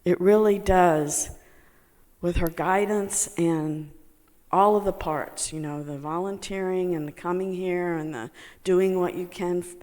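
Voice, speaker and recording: A woman telling a personal story to a group, halting with many fillers and laughing as she talks. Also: lowish voice, steady tone, dark tone, big-room sound. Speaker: meditation student sharing a testimony.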